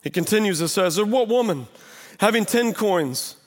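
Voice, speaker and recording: A man's voice: sits high, expressive, moderate pace. A man preaching a sermon as pastor, conversational and emphatic, full of rhetorical questions. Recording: long hall reverb.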